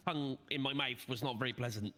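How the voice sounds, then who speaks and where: A man's voice: mid-range voice, fast talker, sharp tone, long reverb tail. A British man in casual roleplay banter, stubborn and playfully dry. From Britain. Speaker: roleplay player.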